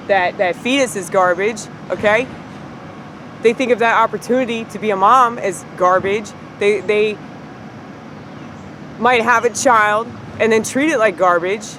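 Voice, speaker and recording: A woman's voice: medium pitch, fairly bright tone, slight background noise, rough recording. A woman vlogger delivering an arrogant, combative rant to camera, swearing freely and laughing at her own remarks. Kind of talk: ranting monologue to camera. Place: near a street with trash pickup passing.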